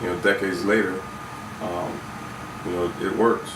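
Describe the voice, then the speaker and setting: Man from Saint Croix, reflective and unhurried, low and even, heard from across an echoey room. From Saint Croix, US Virgin Islands. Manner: reflective, with many fillers and restarts. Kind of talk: casual conversation. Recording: roomy, from some distance, faint noise.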